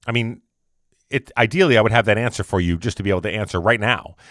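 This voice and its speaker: A man's voice: fairly low pitch, fast, fairly bright tone, no echo, clean studio sound. A man giving a casual motivational monologue, rambling and repeating himself as he talks. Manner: rambling and repetitive, conversational.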